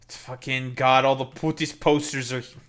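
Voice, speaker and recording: A man's voice: mid-range voice, little pitch movement, normal speed, a bit bright. A man streaming a game, chatting casually with viewers in a crude, profane, teasing way. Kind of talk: casual live-stream chat while gaming. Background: keyboard typing.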